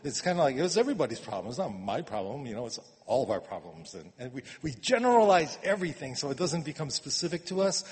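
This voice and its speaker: A man preaching a sermon in a conversational way, repeating words and swinging from quiet asides to emphatic urging. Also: medium pitch, big pitch swings, fast talker, few pauses. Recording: long reverb of a hall.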